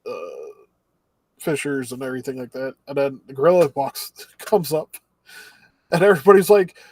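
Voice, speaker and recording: A man's voice: medium pitch, very animated, unhurried, a little mellow, breathy edge. A man co-hosting a casual podcast, recapping anime episodes in a rambling way and acting out the characters' lines. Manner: rambling recap with acted-out quotes. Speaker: podcast co-host.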